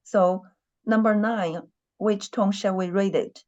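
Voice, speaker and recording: A woman's voice: mid-range voice, fairly even intonation, slow, darkish tone, lo-fi sound. A woman teaching a Chinese class online, patiently repeating her questions and humming while she thinks.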